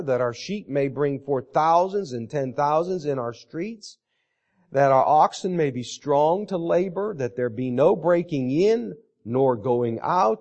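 A middle-aged man preaching a sermon on a Psalm, reading verses aloud and repeating key phrases slowly for emphasis. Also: fairly high pitch, a little mellow. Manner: slow and deliberate, repeating scripture phrases for emphasis.

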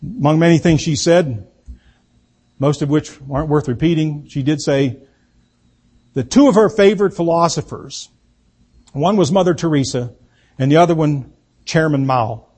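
A man giving a political speech, slow and emphatic, repeating key words for effect. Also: a little high, darkish tone, breathy edge. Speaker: political speaker.

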